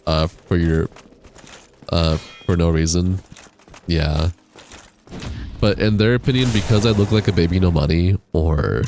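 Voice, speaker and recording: Deep-voiced young man streaming games. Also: darkish tone. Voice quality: deep, crackly chest voice. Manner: laid-back, rambling, swears casually. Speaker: game streamer. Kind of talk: casual livestream chat while gaming. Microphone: high-quality studio microphone.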